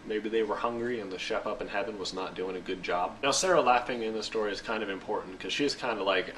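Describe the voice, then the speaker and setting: A man's voice: lowish voice, fast talker, few pauses, a bit bright. A young man hosting a casual, jokey reading and explanation of a scripture passage, recorded from a distance with faint noise. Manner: goofy, slangy, jokey. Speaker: show host.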